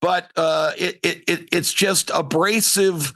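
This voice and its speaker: A man voicing a fussy, nervous man who hesitantly and politely asks for quiet. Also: fairly high pitch, fairly even intonation, slow pace, dry recording. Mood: pleading.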